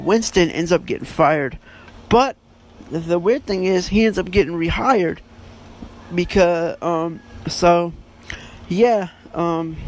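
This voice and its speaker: A man's voice: on the high side, a little hiss or hum. A man hosting a podcast, giving a casual book review in a rambling way, full of fillers and self-corrections. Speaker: podcast host.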